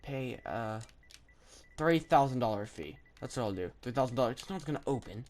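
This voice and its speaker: A woman giving chatty, rambling commentary over her own gameplay, thinking aloud with lots of fillers and sudden bursts of excitement. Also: extremely low pitch, brisk. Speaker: gaming video creator.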